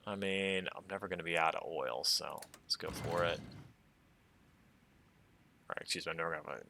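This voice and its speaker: An American man casually commenting on a strategy game as he plays, thinking aloud in a relaxed, chatty way. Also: low voice, gravelly. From United States. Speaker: strategy game let's player.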